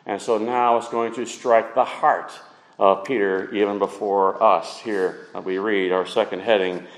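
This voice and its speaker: A man preaching a sermon, acting out the quotes with big swings in pitch and loudness. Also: in a large hall, low-quality recording. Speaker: pastor.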